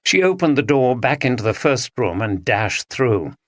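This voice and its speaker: A man reading a story aloud as an audiobook narrator, with expressive storytelling. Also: mid-range voice, moderate pace, no echo, clean studio sound. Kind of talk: scripted narration.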